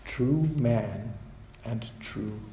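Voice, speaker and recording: A male pastor preaching a measured sermon. His voice drops softly at the ends of phrases. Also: medium pitch, reverberant, heavy background noise.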